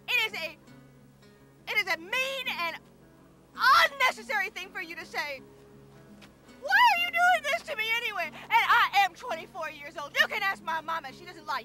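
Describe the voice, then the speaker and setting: A woman's voice: very high-pitched, big pitch swings, brisk, over music. An actress playing a flighty, touchy young woman with a whiny, girlish voice and dramatic outbursts. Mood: outraged. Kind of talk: comedy sketch acting.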